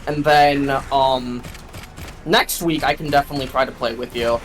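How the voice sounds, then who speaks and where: A man's voice: medium pitch, fairly even intonation, normal speed, rough recording. A man chatting casually with a friend while gaming, swearing often and restarting his sentences. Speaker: co-streamer friend.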